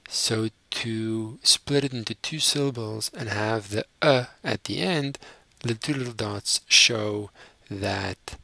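Male language tutor, husky and unhurried, dry close-mic sound. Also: lowish voice, sharp tone, no room sound. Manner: slow and deliberate, repeating each word. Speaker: language teacher. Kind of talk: slow recorded language lesson.

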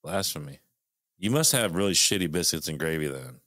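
A very deep-voiced man co-hosting a podcast, laid-back and salty, with swear words falling easily into his casual chat. The recording is dry and close. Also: big pitch swings, fast, bright, forceful tone, no echo. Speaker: podcast co-host.

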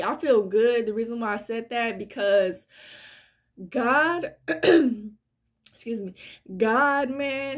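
A woman speaks in an unhurried, drawn-out way, her voice sitting a little high. She talks straight to her viewers about faith, earnest and heartfelt, circling back over the same points again and again. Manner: earnest, repetitive, heartfelt preaching. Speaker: spiritual vlogger. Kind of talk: casual spiritual monologue to viewers.

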